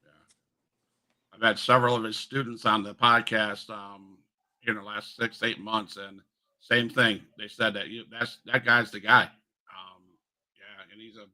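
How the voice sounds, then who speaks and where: A man's voice: lowish voice, level tone, measured pace, long pauses, sharp tone. A man hosting a podcast, asking questions and reacting in casual conversation. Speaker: podcast host. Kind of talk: casual interview.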